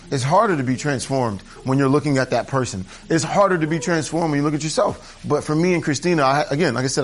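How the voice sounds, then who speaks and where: A man preaching a conversational sermon to his church, candid and chatty, drifting into asides and restarting his sentences. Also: mid-range voice. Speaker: pastor. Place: church service.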